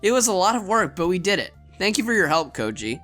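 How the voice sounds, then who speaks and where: A man's voice: high voice, big pitch swings, fast, soft background music, full character voice. A man voicing a tearful, clumsy girl Santa. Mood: cheerful. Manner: soft, tearful, faltering speech. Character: sweet clumsy young woman Santa Claus. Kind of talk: visual novel read aloud.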